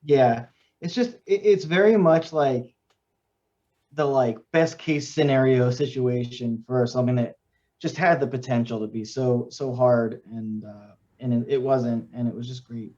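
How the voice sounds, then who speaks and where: A man's voice: medium pitch, unhurried, a little mellow. Male stream co-host, chatty and teasing, slightly muffled lo-fi mic. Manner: teasing, chatty, interrupts playfully. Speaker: co-host, pancake artist. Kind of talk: casual live-stream chat.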